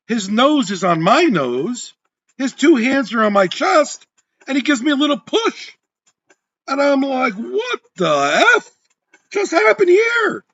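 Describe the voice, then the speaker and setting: A man who hosts a real estate podcast, telling a story in a high, lively voice that swings widely. His tone is a bit husky, and he acts out both sides of a quarrel. The recording sounds dull and lo-fi. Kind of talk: storytelling monologue.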